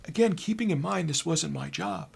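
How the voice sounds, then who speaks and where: A man in his thirties casually telling a work story in an animated, exasperated way. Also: on the high side, normal speed, creaky, husky. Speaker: YouTuber.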